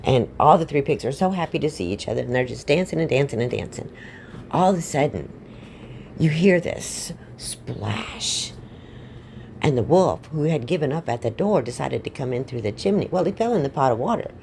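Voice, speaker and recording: Woman storyteller, casual comic retelling, rambling and offhand, very low voice, dark tone. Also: animated, fast talker, creaky, a little hiss or hum. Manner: rambling, offhand, irreverent asides.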